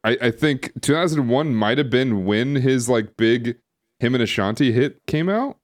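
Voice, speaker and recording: A man's voice: medium pitch, lively intonation, normal speed. A man co-hosting a casual podcast, rambling with lots of fillers and restarts. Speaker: podcast co-host. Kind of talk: casual chat. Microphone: streaming setup microphone.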